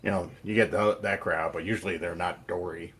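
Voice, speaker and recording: A man's voice: sits low, fairly even intonation, brisk, a bit bright, breathy edge. A man narrating as game master of a tabletop game, improvising loosely with restarts and asides.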